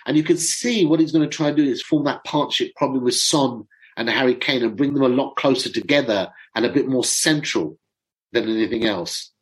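A middle-aged man chatting to viewers as a football fan commentator, excitable and chatty, often stumbling over names. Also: mid-range voice, brisk, poor audio. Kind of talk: casual chat to viewers.

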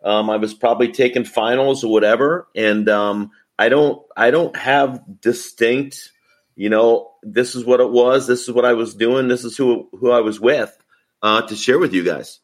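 Man, 50s, podcast guest, hesitant, candid, average pitch. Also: steady tone, normal speed. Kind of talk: casual chat.

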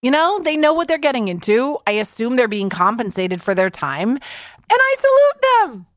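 A middle-aged woman hosting a podcast, animated and sarcastic in a comedic monologue. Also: fairly high pitch, brisk, no echo, studio quality. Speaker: podcast host.

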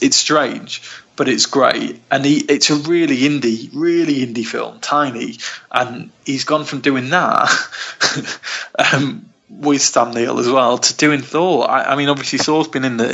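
Casual film podcast co-host, gravelly voice, lo-fi recording, rambling and keen. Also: male voice, mid-range voice, fairly even intonation, a little slow, fairly bright tone. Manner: rambling, enthusiastic, self-interrupting. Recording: dull lo-fi recording.

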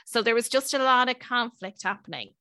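Bright chatty woman storyteller. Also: a little high, lively intonation, dry recording, studio quality. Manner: chatty, self-mocking, quick asides. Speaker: podcast host. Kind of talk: casual chat and storytelling.

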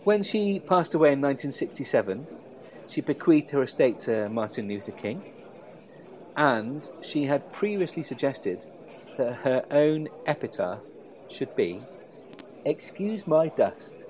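A man co-hosting a casual podcast chat, with a voice that sits in the middle register. He tells stories in an unhurried, relishing way. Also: medium pitch, poor audio. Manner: relaxed storytelling, savoring quotes. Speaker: podcast co-host.

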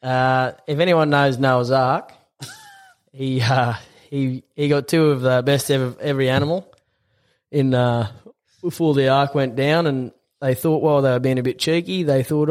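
A man's voice: medium pitch, steady tone, moderate pace, a little mellow. A man in his twenties with an Australian accent, a podcast guest chatting casually and telling a long joke while laughing. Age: 20s. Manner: laid-back, laughs while telling jokes.

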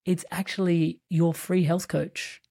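Animated, laughing male interview host. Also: on the high side, takes it slowly, vocal fry. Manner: animated, laughs often, acts out quoted voices; rambling with many fillers and restarts. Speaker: podcast host and purpose coach. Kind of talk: casual conversational interview.

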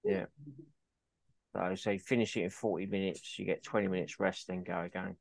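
A man's voice: low-pitched, steady tone, brisk, creaky, dry recording. A man co-hosting a podcast, chatting easily and often answering with short agreeing replies. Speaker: podcast co-host. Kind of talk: casual chat.

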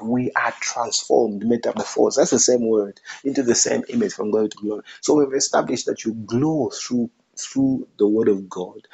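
Male preacher, gravelly and husky, keeps repeating lines for punch, muffled lo-fi sound. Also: on the low side, a little mellow. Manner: emphatic, repeats phrases for effect. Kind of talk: sermon.

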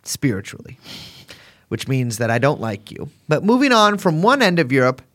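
Joking man with lively pitch. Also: moderate pace. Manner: joking, rambling, with restarts and profanity. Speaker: podcast co-host. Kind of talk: casual chat.

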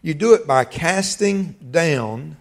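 Gravelly-voiced middle-aged preacher telling stories. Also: male voice, a little high, expressive, takes it slowly. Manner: folksy storytelling with laughter and quoted dialogue. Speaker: pastor. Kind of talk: sermon.

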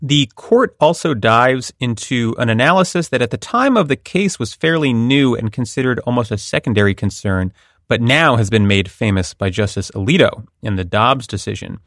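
A man's voice: mid-range voice, lively intonation, moderate pace, a bit bright, no echo, studio quality. A man hosting a podcast, explaining a court ruling in a wry, conversational way. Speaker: podcast host. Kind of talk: legal analysis chat.

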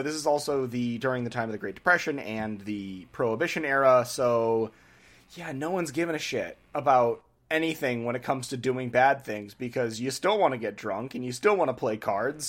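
A man's voice: medium pitch, lively intonation, normal speed, fairly bright tone. Young male host, casual irreverent storyteller, lots of swearing. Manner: irreverent, profane, joking. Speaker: podcast host.

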